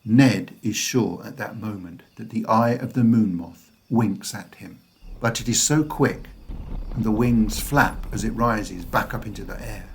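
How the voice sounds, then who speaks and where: A man narrating a fantasy audiobook in a slow, expressive storytelling voice. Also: lowish voice, husky.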